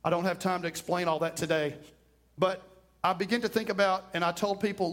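A man's voice: high voice, steady tone, fairly quick, a bit bright. A male pastor delivering a sermon, stressing and repeating key phrases and acting out people's words. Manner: emphatic preacher who repeats key phrases and acts out quotes. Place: church.

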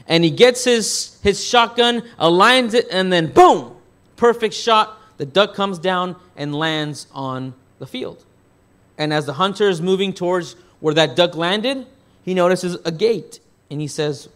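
A male pastor preaching a sermon, telling stories with big swings between loud and hushed, often repeating words as he restarts. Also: on the high side, normal speed. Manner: animated storytelling with big swings in loudness.

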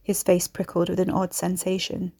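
A woman reading a horror story aloud in a measured storytelling manner. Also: lowish voice, monotone, warm tone. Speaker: narrator. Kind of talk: scripted horror narration.

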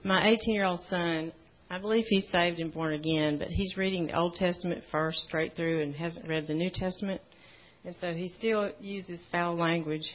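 A woman from the congregation hesitantly sharing a personal testimony, pausing and searching for her words. The recording is dull and lo-fi. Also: fairly low pitch, steady tone.

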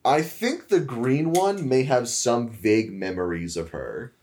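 A man on a podcast with a lively voice that swings up and down as he talks. His chat is casual and jokey, mid-pitched for a man. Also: measured pace. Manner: lively, jokey, laughs often. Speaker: podcast co-host.

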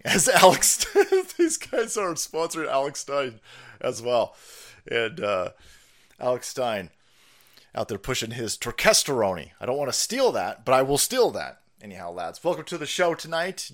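A man's voice: medium pitch, a bit bright. A man hosting a livestream with crude, joking commentary, laughing often between remarks. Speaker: stream host.

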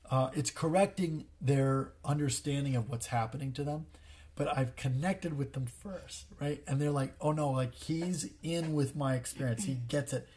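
A man's voice: a little high, a little mellow, slightly rough. A man in his thirties co-hosting a casual parenting talk, explaining earnestly and acting out what he says to his kids. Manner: earnest, explanatory, acts out quoted dialogue. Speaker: podcast co-host.

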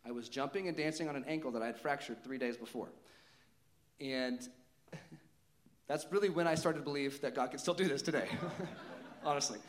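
A young man preaching a sermon, telling a personal story in a lively way with frequent laughs and casual fillers. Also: mid-range voice, normal speed, long pauses. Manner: animated storytelling, laughs often, many "like" fillers.

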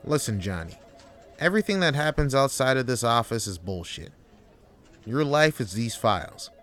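A man's voice: medium pitch, very animated, moderate pace, fairly bright tone, soft background music. A man voicing a demanding, condescending male office manager who belittles his worker. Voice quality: pushy and belittling, keeps getting the worker's name wrong.

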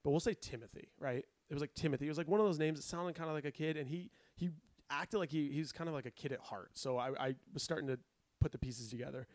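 Animated storytelling man, dry close sound. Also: fairly high pitch, fast, dry recording. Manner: animated, acts out quotes with raised voice. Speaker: podcast guest telling a story. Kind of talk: casual storytelling.

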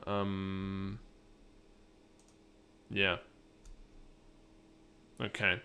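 At a normal speed and fairly low pitch, a young man rambles on his solo podcast, full of fillers and restarts. His English is non-native, with an accent leaning British.

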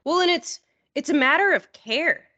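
A woman on a podcast telling a long story in casual chat, rambling and acting out what people said in a higher voice. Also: expressive, normal speed, pushed and bright, no echo. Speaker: podcast host. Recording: dull, dry lo-fi audio.

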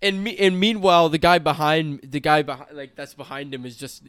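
Blunt, profane young man, smooth voice. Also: a little high, steady tone, brisk, fairly bright tone, no echo, studio quality. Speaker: podcast co-host. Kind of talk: casual chat.

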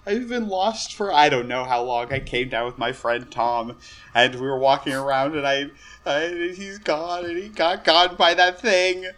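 A man voicing a timid, weepy young man lost in a dungeon, stammering in a high, whimpering voice. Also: a little slow, a bit bright. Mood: nervous. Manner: stammering, fearful.

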